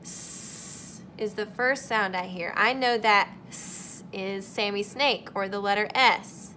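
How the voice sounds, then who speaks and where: Woman, kindergarten teacher, slow deliberate sounding-out, bright voice, faint background hiss. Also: medium pitch. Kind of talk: recorded video lesson for young children.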